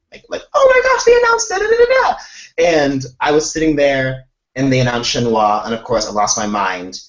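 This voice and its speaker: A man chatting casually on a video call about making reaction videos, excitable and full of "like". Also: medium pitch. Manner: animated storytelling, excitable, lots of "like". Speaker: K-pop reaction YouTuber, live chat host. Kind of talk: casual chat. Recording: echoey, distant, lo-fi call audio.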